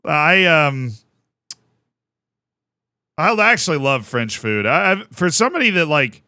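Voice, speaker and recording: A man's voice: fairly high pitch, sing-song, a little slow, pushed and bright, smooth, no room sound, clean studio sound. A young man from the United States chatting casually on a live stream, rambling and self-mocking as he thanks viewers by name.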